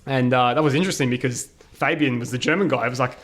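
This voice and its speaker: Animated Australian man telling a story. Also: mid-range voice, quick pace, hardly any pauses. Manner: animated storyteller, heavy use of "like", playful quoted voices. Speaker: podcast guest. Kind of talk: casual storytelling interview.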